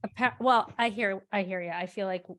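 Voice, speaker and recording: A woman co-hosting a podcast in casual chat, self-deprecating and quick to laugh. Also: mid-range voice, fairly bright tone. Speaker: podcast co-host.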